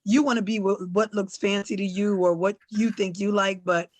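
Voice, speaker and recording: A woman's voice: mid-range voice, fairly even intonation, moderate pace, a little mellow. Reflective woman telling a family story. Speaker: panelist. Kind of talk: casual discussion.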